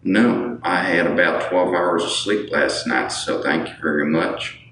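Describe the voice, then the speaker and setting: A raspy-voiced man in his thirties chatting casually on a livestream, reading viewer comments aloud and answering with boastful jokes. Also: low-pitched, a little slow, a bit bright. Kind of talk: casual live chat. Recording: echoey room, mic at a distance, faint noise.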